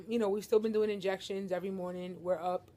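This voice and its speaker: A woman's voice: mid-range voice, steady tone, brisk, a little mellow. Joking young woman chatting on her couch. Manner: joking, playful, addresses viewers as y'all. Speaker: vlogger. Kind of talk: casual chat to camera. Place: living room couch at home.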